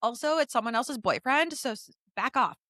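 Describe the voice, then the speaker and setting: Lively laughing woman, dry close mic. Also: a little high, moderate pace, no echo. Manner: reactive listener, laughs a lot, blunt jokey asides. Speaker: podcast co-host. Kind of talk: casual chat.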